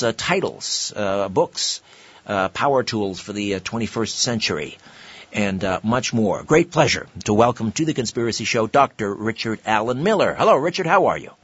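A man with a low, husky voice hosts a talk radio show and rambles through his introductions with plenty of uhs. The sound is dry and a little dull. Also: fairly bright tone, dry recording. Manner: rambling, filler-heavy delivery.

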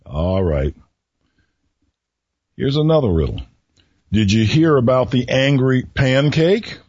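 A man hosting a radio talk show who tells riddles to his listeners slowly, repeating each one and pausing before the answer, with a folksy manner. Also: mid-range voice, lively intonation, a little mellow, husky, dry recording. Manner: folksy, chuckles at his own jokes. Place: radio studio. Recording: dull lo-fi radio recording.

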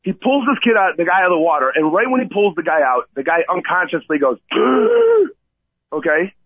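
A man co-hosting a talk radio show, telling a rescue story in an animated way and often asking "okay?". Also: on the high side, fast talker, dry recording. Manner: excitable, repeats "okay?" and addresses Coach. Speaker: radio co-host and kayak tour operator. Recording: tinny phone-line sound, dry.

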